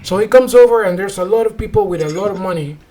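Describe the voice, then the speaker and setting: A man's voice: sits high, quick pace, warm tone. A man whose first language is Spanish, hosting a podcast in English, telling a story in a casual, profane way and often stopping to search for English words. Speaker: podcast host.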